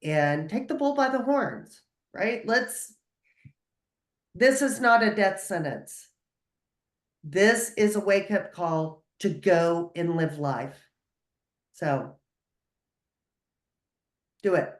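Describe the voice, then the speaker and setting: A woman's voice: mid-range voice, lively intonation, slow pace, pauses often, roomy sound. A woman speaking as a guest on a video call, giving earnest, emphatic, encouraging advice.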